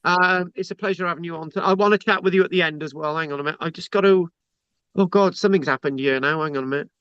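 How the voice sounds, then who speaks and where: British man hosting an online class, higher voice, chatty and jokey, dry dull call sound. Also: fast, a bit bright, clear, resonant tone, no echo. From Britain. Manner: chatty, joking, frequent restarts. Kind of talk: informal online lecture. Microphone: video call.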